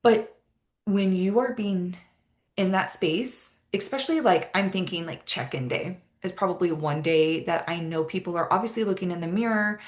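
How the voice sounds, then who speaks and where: A woman's voice: fairly low pitch, normal speed. A young woman coaching in a casual motivational talk, earnest and upbeat, with many "like" and "right?" asides. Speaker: fitness and mindset coach.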